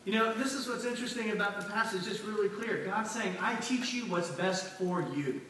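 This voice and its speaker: A man's voice: sits high, a little fast, bright, forceful tone, slight background noise. A middle-aged man preaching a conversational sermon to a congregation and asking the room for responses. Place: church hall with congregation. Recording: echoey church hall from far off.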